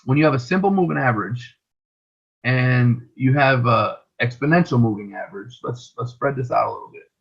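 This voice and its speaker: A man's voice: mid-range voice, a little fast, gravelly, husky, dull audio. A man teaching a trading lesson over a shared screen, explaining patiently and often checking in with "right?".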